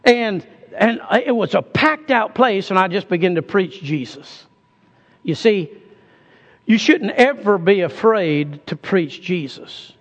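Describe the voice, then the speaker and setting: A man's voice: high-pitched, lively intonation, takes it slowly, long reverb tail. A man preaching a sermon in a folksy way, calling on his congregation to answer back.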